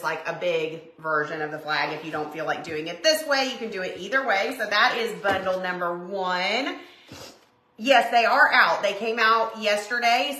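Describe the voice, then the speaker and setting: A woman's voice: medium pitch, sharp tone. A woman hosting a casual live stream, chatty and gushing, calling her viewers y'all. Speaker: livestream host showing craft printables. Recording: roomy echo.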